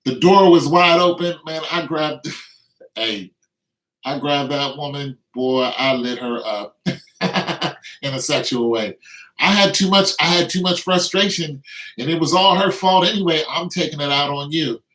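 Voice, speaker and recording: A man's voice: on the high side, a little slow, fairly bright tone. Man in his fifties, boastful. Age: 50s. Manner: boastful, slang-heavy, laughing while telling. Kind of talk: casual storytelling. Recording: roomy, distant from the mic.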